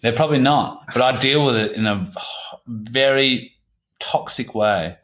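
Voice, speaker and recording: A man in his thirties talking candidly as an interview guest, halting and repeating himself, swearing casually. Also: medium pitch, a bit bright. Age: 30s. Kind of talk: candid personal conversation.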